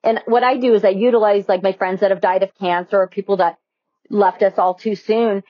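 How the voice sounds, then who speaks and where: A woman's voice: medium pitch, steady tone, brisk, no room sound. Earnest woman guest, dull dry audio. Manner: earnest, acts out her inner voices. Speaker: podcast guest, ultrarunner. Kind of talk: casual interview talk. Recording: dull, slightly lo-fi dry sound.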